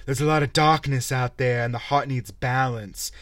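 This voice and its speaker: A man's voice: mid-range voice, fairly even intonation, moderate pace, fairly bright tone, no room sound, close to an everyday voice. A man mimicking an earnest, mysterious male villain, with a mock-solemn delivery.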